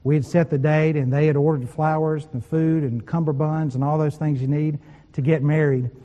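Guy preaching, mellow kinda high voice, tells stories and laughs, muffled hall sound. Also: steady tone, normal speed. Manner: storytelling with quoted voices and laughter. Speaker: pastor. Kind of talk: sermon.

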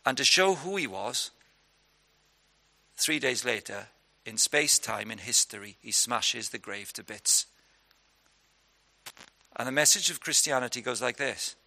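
A man's voice: medium pitch, creaky, pushed and bright. A man preaching a sermon in a conversational, punchy way, putting questions to his listeners. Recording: long hall reverb.

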